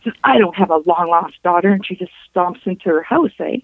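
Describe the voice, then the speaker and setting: A woman, a guest on a show, recounting a personal story in a halting way, with restarts and reported dialogue. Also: fairly low pitch, no room sound. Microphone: telephone. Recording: tinny phone line.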